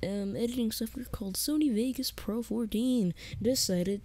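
A woman's voice: medium pitch, normal speed, dark tone. A woman YouTuber chatting casually to her viewers, hesitant and rambling with lots of fillers. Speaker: gaming YouTuber. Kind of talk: casual chat to camera.

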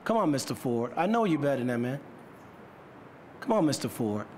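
A man's voice: medium pitch, sing-song, brisk, a little mellow, slight background noise. A man chairing a council meeting, firmly and patiently repeating himself to restore order. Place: council chamber.

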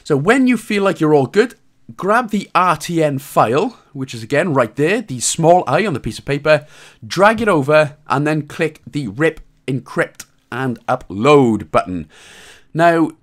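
Lively Welsh man guiding gameplay. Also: fairly high pitch, a little slow. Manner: irreverent, joking, mild swearing; reassuring, repeats instructions. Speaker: game walkthrough host. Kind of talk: casual commentary over gameplay.

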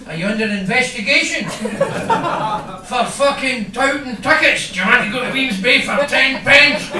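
A man's voice: very high-pitched, expressive, slow, long pauses. A Scottish man compering at a comedy club, teasing an audience member with brash, crude banter on stage. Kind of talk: live stand-up crowd banter. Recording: echoey club, distant mic, loud crowd.

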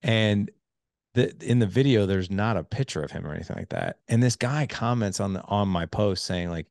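Deep-voiced man hosting a podcast. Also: moderate pace, gravelly, no room sound, clean studio sound. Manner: animated storyteller, many fillers, voice jumps high when quoting. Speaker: podcast host. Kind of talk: casual podcast interview.

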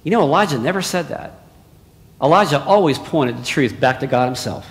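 A male preacher delivering a sermon, dropping to hushed asides and then rising to loud exclamations. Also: a little high, lively intonation, fairly quick. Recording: long hall reverb.

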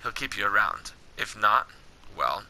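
Polite reassuring male fighter, read plainly by a gamer; bright, no accent. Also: on the low side, expressive, measured pace, voice pushed down, full character voice, rough recording. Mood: calm.

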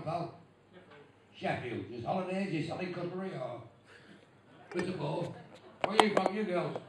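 A man's voice: on the high side, gravelly. A man from England doing crude stand-up, roasting the crowd with swearing and insults. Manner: brash, swearing, insulting the audience. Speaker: stand-up comedian. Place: bar show stage. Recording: distant, echoey and noisy club recording.

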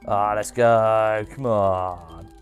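A man hosting a live speedrun stream, chatty and excitable, with frequent exclamations and cheers. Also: lowish voice, very slow, clean tone, faint music behind. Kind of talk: live gameplay commentary.

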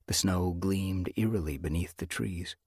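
A man with a deep, gravelly voice narrates an audiobook in a measured way. His tone is slightly husky yet lively in pitch. The close studio sound is completely dry. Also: no room sound. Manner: measured storytelling. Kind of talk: scripted narration.

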